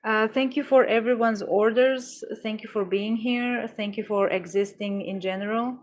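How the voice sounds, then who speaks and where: A woman running a casual art livestream, chatting with viewers in a rambling, playful way with deadpan jokes. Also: a little high, moderate pace. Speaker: livestream artist. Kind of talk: casual livestream chat reading comments.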